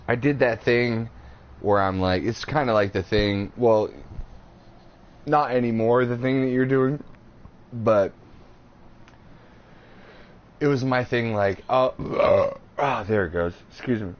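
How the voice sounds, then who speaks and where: A man in his thirties co-hosts a podcast, telling a crude, rambling story in casual chat. His mid-range voice moves at a measured pace with frequent pauses. The podcast audio sounds slightly dull, with a faint hiss.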